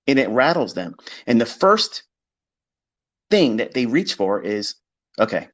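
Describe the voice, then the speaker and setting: A man's voice: medium pitch, big pitch swings, unhurried. A man gives an unscripted monologue, blunt and combative, swearing freely. His voice sits in an ordinary middle register. The sound is dry and close, with no room echo. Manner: blunt, profane and combative, mimicking critics in quoted voices. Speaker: trading educator.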